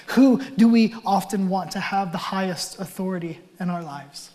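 A male pastor preaching a conversational sermon with wry asides, his voice swelling loud and then dropping nearly to a whisper. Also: high-pitched, level tone, fairly quick, hardly any pauses.

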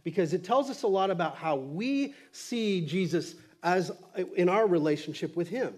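A man's voice: high voice, expressive, normal speed, a little mellow. A male pastor preaching a sermon in a casual, conversational way, acting out quotes from the text with lots of fillers.

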